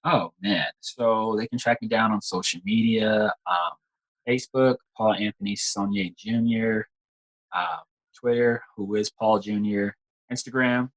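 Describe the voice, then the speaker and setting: Man, husky voice, lowish pitch, casual and slangy, interview guest. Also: unhurried, low-quality recording. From United States. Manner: laid-back, slangy, repeats words as he goes. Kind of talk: casual conversation.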